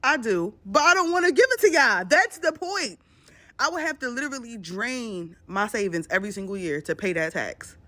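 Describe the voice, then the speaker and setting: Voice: mid-range voice, very animated, normal speed, bright, forceful tone. Emotional, swearing speaker. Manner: emotional, profane, joking self-corrections. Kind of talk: ranting social media clip.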